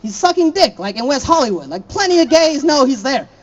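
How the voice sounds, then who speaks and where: Giggly stand-up comic, lively pitch. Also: male voice, brisk, dull audio. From Florida. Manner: laughs at his own jokes, chatty asides to the crowd. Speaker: stand-up comedian. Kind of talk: stand-up comedy set.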